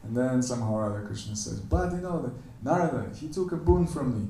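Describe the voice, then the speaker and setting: A man giving a temple lecture, animatedly telling a story and acting out the characters' quoted lines in a higher voice. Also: expressive, fast talker, dark tone. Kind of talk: storytelling sermon. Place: temple hall. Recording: echoey room, voice from a distance.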